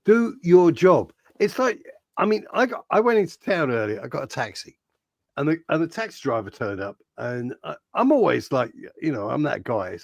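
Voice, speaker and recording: A man's voice: on the high side, very animated, normal speed, creaky, no room sound, clean studio sound. A man hosting a casual football podcast, ranting with mock outrage and plenty of swearing. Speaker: podcast host.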